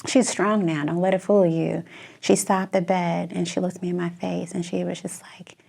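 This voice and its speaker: A woman with a Chicago accent, a guest telling an emotional personal story, expressive and tearful at times. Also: lowish voice, moderate pace, vocal fry, slightly rough. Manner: expressive storyteller, laughs and tears up.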